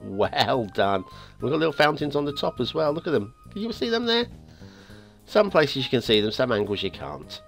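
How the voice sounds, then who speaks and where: A man hosting a game map review show, talking in a casual, rambling way with many restarts, his voice getting a little hoarse. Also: fairly quick. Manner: chatty and rambling, with frequent restarts and stammers; lively, swinging pitch. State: voice going hoarse. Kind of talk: casual video game commentary. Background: faint background music.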